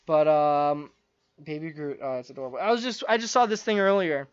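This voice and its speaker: An eager man chats on a podcast, rambling through restarts and fillers in a fairly high, smooth voice. The recording is dull and lo-fi, with a dry, close sound and no room echo. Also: a little fast. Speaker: podcast co-host. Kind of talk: casual chat.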